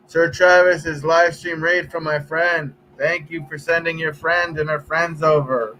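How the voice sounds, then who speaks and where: A man's voice: fairly high pitch, steady tone, a little slow, sharp tone, a little hiss or hum, low-quality recording. A man live streaming, chatting casually with viewers in a rambling, profane way.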